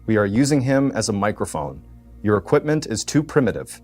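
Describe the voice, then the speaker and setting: A man voicing a cold alien presence speaking through a human, flat and commanding. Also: fairly low pitch, brisk, soft background music. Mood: ominous.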